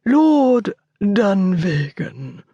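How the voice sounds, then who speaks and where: A woman voicing a discreet male butler who speaks in a quiet, formal murmur. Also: medium pitch, very animated, very slow, breathy edge, no room sound, dull audio, full character voice.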